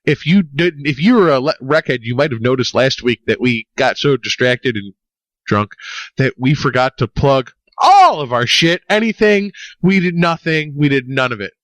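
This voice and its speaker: A man's voice: medium pitch, big pitch swings, moderate pace, fairly bright tone, no echo. A young man co-hosting a podcast in casual chat, rambling, swearing and joking. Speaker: podcast co-host.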